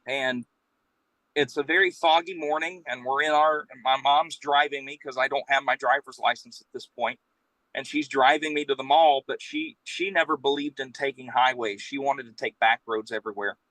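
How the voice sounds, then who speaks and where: Guy spinning a long funny story, bright crisp voice, dry close mic. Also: mid-range voice, moderate pace, no room sound, poor audio. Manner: rambling, animated storytelling with acted-out quotes. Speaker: guest storyteller, professional Santa. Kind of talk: casual anecdote telling.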